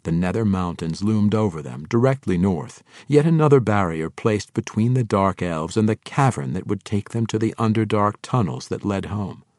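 Deep-voiced male fantasy narrator. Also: animated, moderate pace, few pauses, darkish tone, no echo, clean studio sound. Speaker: audiobook narrator.

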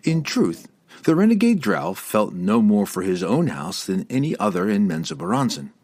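A man reading a fantasy novel aloud as an audiobook narrator, in an expressive, dramatic way. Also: on the low side, normal speed, husky.

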